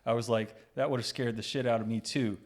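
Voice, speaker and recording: A man's voice: medium pitch, steady tone, fast. A man co-hosting a casual reaction chat, laughing often and reading posts aloud. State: sleep-deprived. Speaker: co-host.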